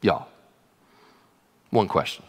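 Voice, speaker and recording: A man preaching a sermon, animated, swinging from loud exclamations down to hushed low passages. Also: slow pace, long reverb tail. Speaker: pastor.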